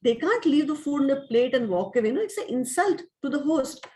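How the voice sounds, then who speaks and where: A woman's voice: high-pitched, big pitch swings, fairly quick, darkish tone. A woman voicing a dignified elderly sage who leads his disciples, earnest in manner.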